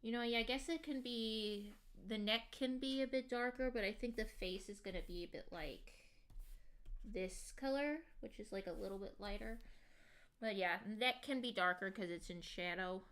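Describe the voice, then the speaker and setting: A woman's voice: fairly high pitch, moderate pace, a bit bright. A woman streamer chatting casually to her viewers while she draws, with a lot of ums and likes. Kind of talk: casual livestream chat while drawing.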